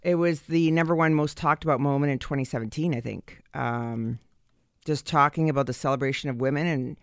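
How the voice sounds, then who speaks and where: A woman's voice: sits low, fairly quick, dry recording, clean studio sound. A woman hosting a radio comedy show in casual, joking chat. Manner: chatty, jokey, thanks sponsors. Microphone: studio microphone.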